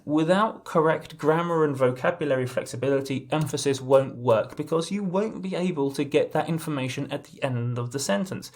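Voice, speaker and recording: A man teaching legal writing in an online lesson, explaining step by step and often restarting his phrases. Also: a little high.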